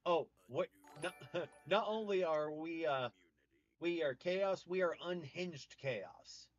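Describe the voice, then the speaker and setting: Hosting a laid-back livestream, this Southern American man jokes around, swaps puns, and greets viewers by name. His voice sits on the high side and moves at a slow pace, with faint music behind him. It's captured on a dry, slightly muffled mic.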